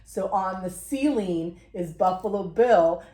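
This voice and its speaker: Woman, chatty co-host, mid pitch, roomy sound. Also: animated, slow, dark tone. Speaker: podcast co-host. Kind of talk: casual chat. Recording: roomy echo.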